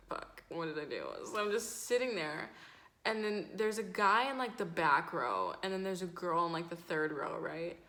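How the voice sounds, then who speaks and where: A woman's voice: on the low side, bright, forceful tone. A woman in her twenties telling a casual storytime, rambling and swearing with lots of "like". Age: 20s. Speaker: vlogger. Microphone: camera mic.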